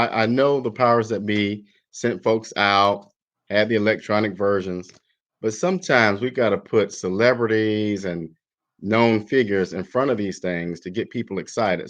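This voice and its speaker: A man as a talk show guest, speaking in a measured, hesitant way with many pauses. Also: on the low side. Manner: measured, hesitant, lots of ums. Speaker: guest commentator. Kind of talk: casual talk show discussion. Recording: dull lo-fi line.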